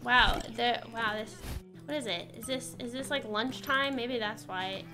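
A woman's voice: fairly high pitch, a little slow, music in the background. A woman streamer chatting casually over a simulation game, laughing often and exclaiming at what happens. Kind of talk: casual gameplay commentary.

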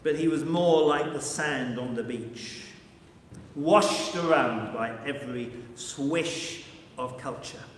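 Male pastor, slow dramatic storyteller, slightly high voice, echoey church with long reverb. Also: slight background noise. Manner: slow, vivid, measured storytelling. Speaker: team rector preaching.

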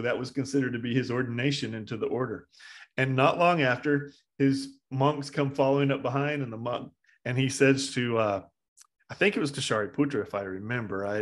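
A male Zen teacher tells a story in a relaxed dharma talk, at a middle pitch. He rambles, pausing on "uh" and restarting his sentences as he goes. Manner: casual, rambling, with frequent uh and restarts.

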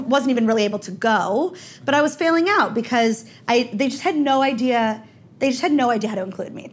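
A woman comedian talking candidly as an interview guest, telling stories quickly and animatedly with bursts of laughter. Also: a little high.

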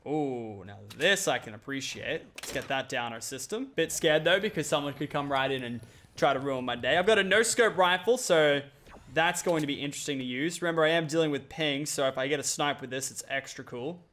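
A young man giving excitable, playful commentary over a mobile battle royale match. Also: on the high side. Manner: excitable, quick reactions, playful trash talk. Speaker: gaming YouTuber. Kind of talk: gameplay commentary.

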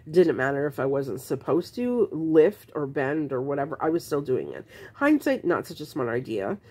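A woman's voice: deep voice, very animated, normal speed, a little mellow, breathy edge. A woman vlogging to camera, frankly telling her own story in a casual, exasperated way, rambling with restarts.

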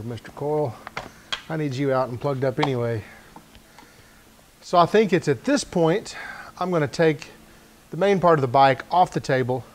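A man's voice: fairly high pitch, slight background noise. A man casually narrating as he works in his garage, thinking aloud with wry, self-deprecating asides. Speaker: channel host repairing a motor scooter. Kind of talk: casual narration while working.

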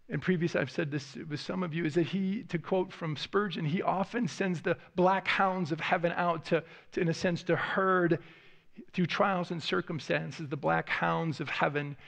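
In a church sanctuary, a male pastor preaches earnestly in a high-pitched voice with vocal fry. He often repeats words as he offers heartfelt prayers.

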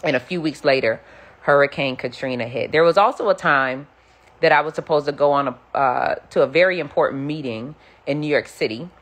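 A middle-aged woman preacher giving an animated testimony, acting out the voices she quotes. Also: deep voice, a little fast. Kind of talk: sermon-style storytelling.

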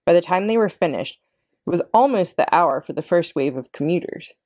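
Lively low-voiced woman reading a story. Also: brisk, no echo, clean studio sound. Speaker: children's librarian. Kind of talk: read-aloud storybook narration.

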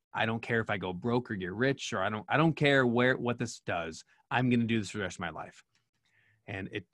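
Man, middle-aged, podcast guest, earnest storytelling, mid pitch, dry close mic. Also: dry recording. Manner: earnest, animated storyteller with many restarts. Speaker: podcast guest, speaker and coach. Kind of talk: storytelling in interview.

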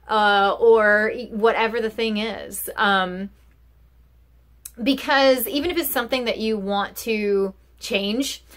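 A woman's voice: mid-range voice, a bit bright. A woman giving a casual self-help talk as host, chatty and full of fillers.

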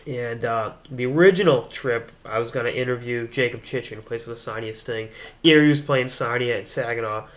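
A young man from the Boston area, a hockey blogger hosting his own show, telling a rambling, animated anecdote to camera. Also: mid-range voice, brisk. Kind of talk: casual storytelling to camera.

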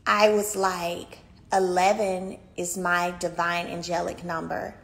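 A woman telling a chatty, animated story to her viewers from a beauty salon, filmed on a handheld phone. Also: on the low side, slow pace, gravelly. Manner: animated, addresses viewers as y'all, swings loud and soft. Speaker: vlogger. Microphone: phone camera held by speaker. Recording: echoey room with faint ambience.

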